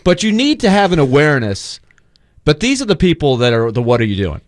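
A man on sports radio talks loosely and circles around his point. His voice runs a little high and swings up and down a lot. The sound is dry and close to the mic. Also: a little fast, no echo. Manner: rambling, animated, full of fillers. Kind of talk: casual radio talk.

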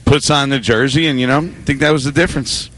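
A male sports radio co-host chatting about basketball and telling a family story in a relaxed, conversational way. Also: medium pitch, quick pace, slight background noise, rough recording. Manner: conversational, storytelling, hedged opinions.

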